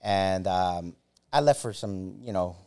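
A man in his forties, a former soldier, telling a story as a podcast guest in a halting, profane way, full of fillers and restarts. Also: sits low, dark tone. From United States. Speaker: former Army Ranger. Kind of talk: casual storytelling.

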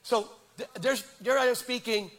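A middle-aged male pastor preaching with animated, self-deprecating personal stories and frequent stammered restarts. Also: extremely high pitch, normal speed. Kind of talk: sermon with personal storytelling.

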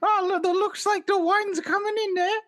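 A man voicing a lusty old woman in an improv scene, shrill and crude. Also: fairly even intonation, moderate pace, fairly bright tone. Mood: lewd.

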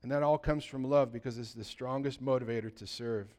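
A man preaching a sermon as pastor, swinging between loud, excited bursts and quiet, low asides. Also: a little fast.

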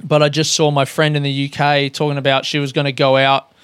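A man's voice: a little high, completely flat delivery, a little fast, fairly bright tone, clear, resonant tone, dry recording. An Australian man talking in a loose, rambling solo monologue as a podcast host, swearing often and poking fun at himself. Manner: sweary, rambling, self-mocking.

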